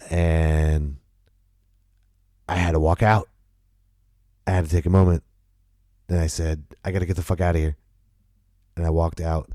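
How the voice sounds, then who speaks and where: A man's voice: rumbling low, dark tone, dry recording, clean studio sound. A man hosting his own podcast, telling a personal story in a casual, emphatic way, swearing and repeating himself for effect. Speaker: podcast host and comedian.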